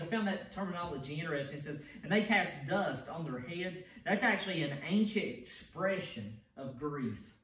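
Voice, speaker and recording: Man, pastor, emphatic sermon, slightly high voice, echoey sanctuary, distant mic. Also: fairly quick, a bit bright. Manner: emphatic preaching with repeated words and restarts. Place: church sanctuary. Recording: echoey church heard from a distance.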